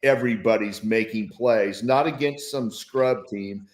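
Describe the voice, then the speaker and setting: A man's voice: lowish voice, unhurried. A man appearing as a guest football analyst, talking through plays in an enthusiastic, reflective way. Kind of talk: casual sports talk. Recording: roomy, echoey sound.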